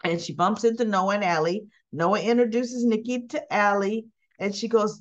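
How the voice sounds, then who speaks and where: A woman's voice: mid-range voice, fairly even intonation, moderate pace, few pauses, highs cut off. A woman casually retelling soap opera scenes and acting out the characters' lines. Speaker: soap opera recap host.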